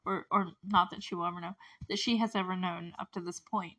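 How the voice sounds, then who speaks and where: A woman casually recapping a TV episode, chatty and animated, with lots of fillers and asides. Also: on the low side, brisk. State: close to tears at moments. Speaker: show recap host.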